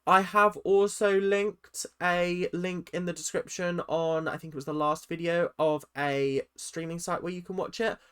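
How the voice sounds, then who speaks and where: A man's voice: a little high, clear, resonant tone. Sassy young British man ranting. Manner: chatty, sassy, animated, talks straight to viewers. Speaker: YouTube reality-TV commentator. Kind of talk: casual ranting commentary.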